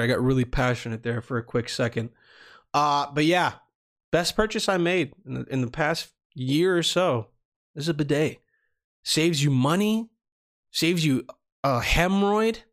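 A man hosting a podcast, talking casually, crude and excitable, stammering at times. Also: on the high side. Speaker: podcast host.

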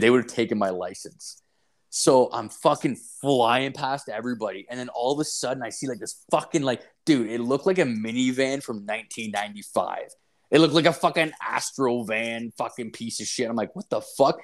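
A young man retells a story in loose, profane chat, leaning on fillers and swearing at every turn. His voice sits in an ordinary middle pitch. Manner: crude, swearing constantly, filler-heavy, animated retelling.

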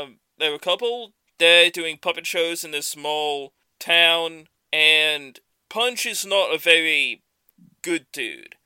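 A man co-hosting a podcast who summarizes a film's plot in a measured, explanatory way. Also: fairly high pitch, sharp tone, clear, resonant tone, no room sound. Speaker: podcast co-host. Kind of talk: casual film review chat.

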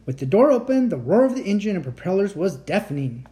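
A woman reading a children's chapter book aloud as a bedtime story, with lively storytelling. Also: quick pace. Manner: lively storytelling, raising pitch for shouted lines. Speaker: reader.

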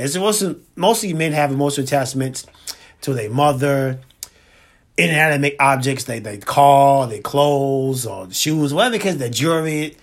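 A man with a mid-range voice co-hosts a podcast in casual chat. He's slangy and laid-back, repeating points slowly for emphasis.

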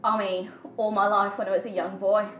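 A woman's voice: medium pitch, flat delivery, brisk, roomy sound, soft background music, lightly acted. Woman playing a cheeky little goblin scamp. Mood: flirty. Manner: cheeky, laughing, playful. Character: small sooty male goblin scamp.

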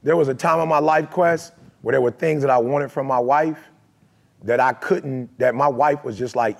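Man, husky, raspy, emphatic motivational speaker, casual slang. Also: mid-range voice, moderate pace. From Detroit, USA. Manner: emphatic, conversational, streetwise slang. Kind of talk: motivational talk to a live audience.

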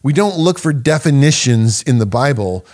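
Male podcast teacher: animated, emphatic, laughs between points. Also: mid-range voice, moderate pace. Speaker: podcast host and Bible teacher.

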